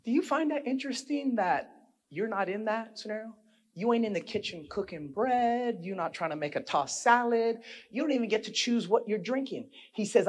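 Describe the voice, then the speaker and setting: Husky high-voiced male preacher. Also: lively intonation, fairly quick. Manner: swings from hushed storytelling to shouted preaching; talks straight to the congregation with rhetorical questions. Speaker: pastor. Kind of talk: sermon.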